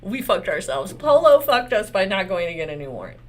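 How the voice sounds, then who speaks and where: Lively, blunt Texan woman lawyer. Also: medium pitch, fairly quick, a little hiss or hum. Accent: Texas. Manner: candid, profane, rhetorical questions. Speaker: lawyer commentator. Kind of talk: casual legal commentary.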